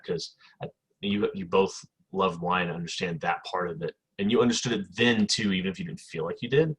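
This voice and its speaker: A man's voice: low-pitched, brisk, slightly rough. A man hosting a casual podcast chat, rambling and reassuring as he tells stories. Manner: rambling, reassuring, laughs while telling stories. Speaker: podcast host.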